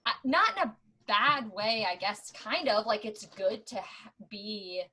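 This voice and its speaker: Chatty woman with a bright voice. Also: medium pitch, very animated, a little slow, poor audio. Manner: chatty, many "like" fillers. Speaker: podcast guest, former door-to-door book seller. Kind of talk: casual storytelling chat.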